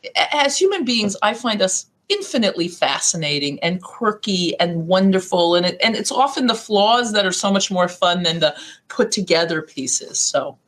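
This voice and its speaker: Animated middle-aged woman coach. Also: mid-range voice, moderate pace. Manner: animated, acts out quoted voices with laughs. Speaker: guest life coach. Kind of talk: podcast interview storytelling.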